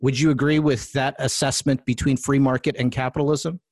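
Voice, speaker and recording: A man's voice: medium pitch, flat delivery, a little fast, no room sound. A male host in casual political discussion, conversational, often checking for agreement and correcting himself mid-sentence. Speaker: podcast host.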